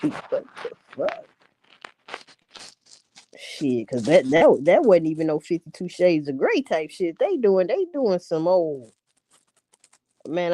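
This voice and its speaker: Woman, casual rant, profane and blunt, lowish voice, swings up and down a lot. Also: dark tone, a little hiss or hum.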